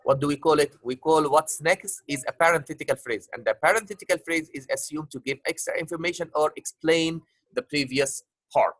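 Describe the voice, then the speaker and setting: A man's voice: fairly high pitch, brisk, fairly bright tone, no room sound. A male teacher leading an online class discussion, who keeps rephrasing his questions with plenty of filler uhs and calls his students love. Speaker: English teacher.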